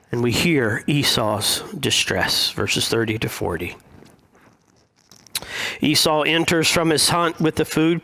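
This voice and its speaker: A male pastor preaching a sermon, speaking in a measured, deliberate way with frequent pauses. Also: on the high side, fairly bright tone.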